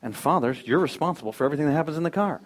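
A male pastor delivering a sermon in a slightly high voice. He reads scripture aloud and presses each point hard, swinging between quiet, lowered asides and loud, driving exhortation. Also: expressive, racing. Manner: emphatic, rising to loud exhortation.

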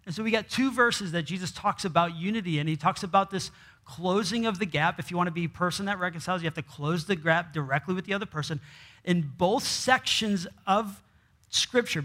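A man preaching a sermon in a somewhat high voice, reading scripture aloud. He keeps posing rhetorical questions to the congregation and answering them himself, restarting his sentences often. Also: a bit bright. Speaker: pastor.

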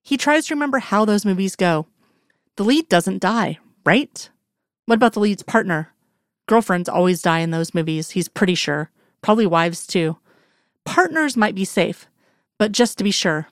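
A woman reading a story aloud in an even, measured narration. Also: mid-range voice, no room sound, studio quality. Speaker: reader. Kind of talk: storytelling narration of fan fiction.

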